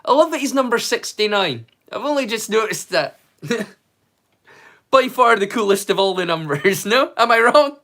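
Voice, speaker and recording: Man, high voice, casual livestream host, banters and jokes with chat, curses freely. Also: animated, measured pace. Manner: joking, swears freely, chatty banter with viewers; greets viewers loudly and brightly. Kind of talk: casual watch-along commentary.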